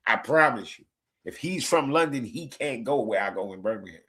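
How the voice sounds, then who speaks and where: Here the man's pitch is medium and his intonation lively, with a moderate pace and a pushed, bright quality. He hosts a casual football watch-along stream, speaking in a loose, profane New Jersey accent from his home in Newark, New Jersey, USA. Often laughing and repeating himself, he sounds tired and yawns.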